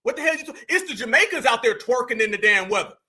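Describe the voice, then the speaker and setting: A man's voice: very high-pitched, sing-song, quick pace, sharp tone. A man hosting reaction commentary, talking animatedly, heckling and calling out to "y'all.". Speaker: commentary channel host.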